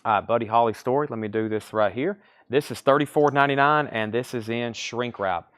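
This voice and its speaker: A man's voice: medium pitch, brisk, a bit bright. A man with a Southern US accent hosting a live record sale from a store, reeling off album titles and prices with chatty asides. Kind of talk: live-stream sales patter.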